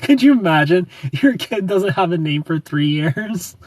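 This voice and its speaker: A man's voice: high voice, animated, takes it slowly, far from the mic, a little hiss or hum. A young man hosting a casual livestream, chatting and giggling as he greets viewers by name. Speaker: livestream host. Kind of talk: casual livestream chat reading comments.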